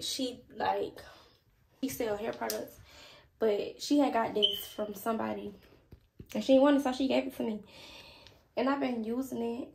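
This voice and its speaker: A young woman vlogs casually to her phone camera indoors at home, sounding sick and tired. Her voice is a little high and creaky, with background noise, and she's frank, swearing freely in a tired, irritated way.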